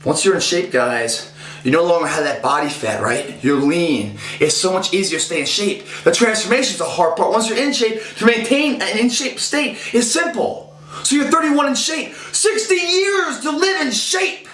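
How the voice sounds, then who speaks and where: A man in his thirties with a fairly high voice delivers a rambling, profane fitness pep talk. He gets intense and his voice climbs when he is fired up. The sound is roomy and echoey, with a faint hum behind him. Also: lively intonation, moderate pace, a bit bright. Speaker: fitness motivator. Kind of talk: casual motivational talk.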